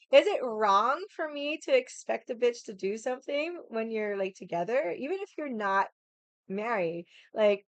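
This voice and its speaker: A woman's voice: on the high side, lively intonation, moderate pace, no room sound. A woman vlogger in casual chat, telling a rambling story bluntly and swearing freely.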